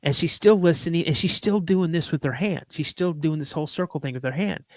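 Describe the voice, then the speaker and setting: A man's voice: fairly high pitch, brisk, a little mellow, no room sound. A man hosting a podcast, earnestly telling a personal story and acting out the dialogue, with frequent ums. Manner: earnest and emotional, reenacts dialogue, many ums. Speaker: podcast host.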